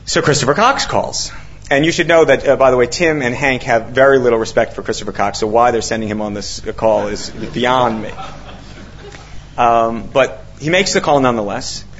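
A man's voice: medium pitch, normal speed, slight background noise. A man telling a long story to an audience, acting out what people said, with many fillers and restarts. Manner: animated, acts out quotes, many fillers and restarts. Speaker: author speaking to an audience. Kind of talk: storytelling talk with quoted dialogue. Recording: dull lo-fi recording.

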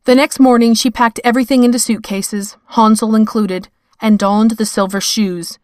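A woman's voice: fairly high pitch, steady tone, normal speed, no room sound. Woman narrating a story, dry sound. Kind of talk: scripted fiction narration.

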